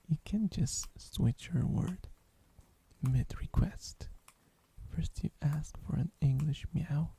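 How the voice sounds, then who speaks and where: Breathy, gravelly whispered ASMR rambling. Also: mid-range voice, dark tone, dry recording. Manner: playful, giggly, meows on request. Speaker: ASMR streamer.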